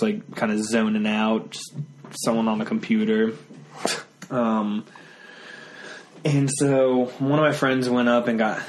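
A man's voice: mid-range voice, slight background noise. A young man in his twenties casually telling a story, rambling with many fillers. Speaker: podcast guest.

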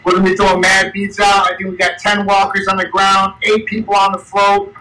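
A man's voice: high-pitched, monotone, brisk, pushed and bright, slight background noise. A man co-hosting a casual talk show, speaking in a promotional way with many fillers and restarts. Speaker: co-host. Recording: distant from the mic.

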